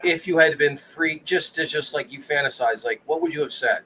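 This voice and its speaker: A man co-hosting a casual podcast, quick to swear and to mock. His voice is bright and forceful and sits a little high. Faint background noise runs under the talk. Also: rough recording. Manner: animated, profane, mocking impressions. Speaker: podcast co-host.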